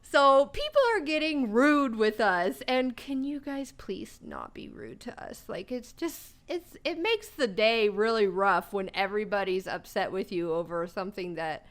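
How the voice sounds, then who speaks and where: A young woman co-hosting a podcast, telling stories in casual chat, swearing freely and breaking into loud laughter between lines. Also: medium pitch, lively intonation, a little slow, few pauses. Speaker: podcast co-host.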